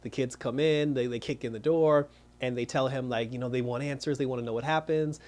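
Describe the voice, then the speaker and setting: A man giving a casual, animated episode recap as a reviewer, rambling with restarts and quoted asides. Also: mid-range voice, brisk.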